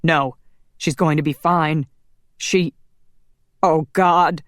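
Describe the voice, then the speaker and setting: A woman voicing a desperate male vampire husband who pleads loudly and frantically. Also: low-pitched, fairly even intonation, slow pace, no room sound, studio quality. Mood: frantic.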